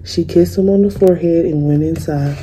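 A young woman, a student, reading a picture book aloud in a calm, measured way. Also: low-pitched, a little hiss or hum, rough recording. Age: young adult. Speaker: student reader.

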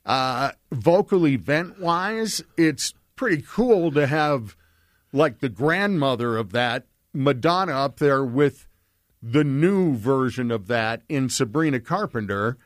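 A man's voice: mid-range voice, lively intonation, takes it slowly, no echo, clean studio sound. A man co-hosting a morning radio show, chatting casually with frequent hesitations and fillers. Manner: hesitant, many fillers, agreeable. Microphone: studio microphone.

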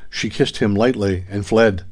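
Reading from an adventure novel, this male audiobook narrator speaks in a lowish voice. The narration is scripted, delivered at a steady, even storytelling pace.

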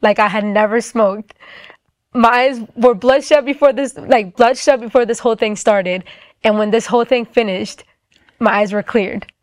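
A woman's voice: fairly high pitch, normal speed, no echo, clean studio sound. A young woman telling a personal testimony in casual talk, acting out the quoted voices and saying "like" often. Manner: acts out quoted voices, filler-heavy with "like". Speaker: storyteller giving a testimony.

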